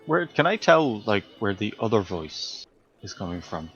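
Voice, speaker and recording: A man playing a tabletop game, halting and thinking aloud as he decides. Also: on the low side, very animated, a bit bright, dull audio, faint music behind. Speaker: player.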